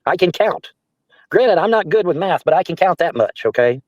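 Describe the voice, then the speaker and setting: Male streamer, brisk and animated delivery, profane and scornful, dry close sound. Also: high voice, no echo. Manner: profane, mocking, reads chat aloud and answers it. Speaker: livestreamer answering trolls. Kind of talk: casual livestream rant. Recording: dull, dry lo-fi stream audio.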